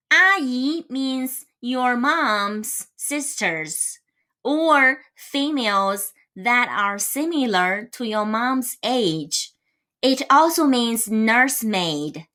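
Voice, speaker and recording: A woman teaching a pinyin lesson, repeating each syllable slowly and clearly. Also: a little high, lively intonation, pushed and bright. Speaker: Chinese teacher. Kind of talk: slow pinyin pronunciation lesson.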